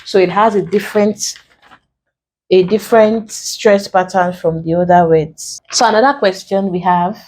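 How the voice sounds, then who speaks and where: A woman with a Nigerian English accent teaches an exam lesson at a slow, unhurried pace. She keeps her voice at a middle pitch and spells out each step with care. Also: darkish tone.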